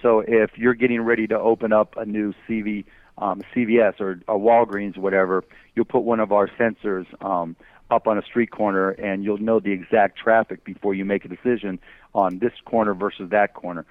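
A man's voice: fairly low pitch, level tone, normal speed, no echo. A man guesting as an entrepreneur on a phone interview, arguing emphatically through rhetorical questions. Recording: tinny phone line.

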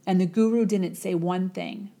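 A woman's voice: on the low side, steady tone, moderate pace, mellow. A woman telling a motivational parable in a dramatic, repetitive storytelling manner. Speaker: motivational speaker. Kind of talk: storytelling talk.

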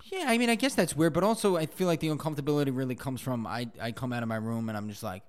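A man's voice: mid-range voice, racing. Rambling young man, casual chat. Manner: rambling, many fillers like "you know". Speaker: podcast co-host.

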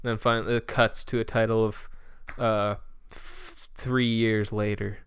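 Young male podcast co-host, storyteller, smooth, crisp, and dry-sounding, with the odd jump into character voices. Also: fairly low pitch, a little slow, no room sound. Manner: animated storytelling, acting out characters' lines. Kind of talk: casual chat, pitching a made-up movie plot.

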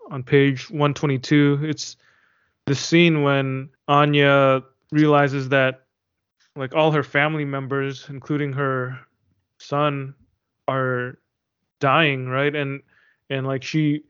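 A man's voice: mid-range voice, a bit bright, clean tone. A man in a casual book discussion, talking in a hesitant way and searching for his words. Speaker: discussion participant. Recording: dull lo-fi sound.

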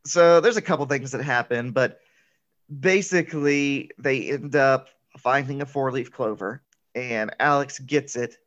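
Retelling a movie on his podcast, a male host chats casually, laughs a lot, and leans heavily on "um" and "like." His voice is mid-range and a bit bright, slightly slow, with dull audio.

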